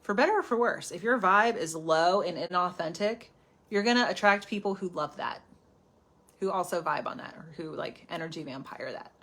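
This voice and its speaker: Animated woman giving a self-help talk. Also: on the low side, moderate pace. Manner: animated, chatty, often drops to a whisper for asides. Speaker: healing coach hosting a live stream. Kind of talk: casual self-help talk on a live stream.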